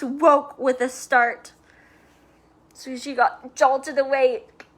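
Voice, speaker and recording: Lady reading a kids story aloud, high voice, playful asides, now and then whispering. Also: little pitch movement, drawn-out words, long pauses.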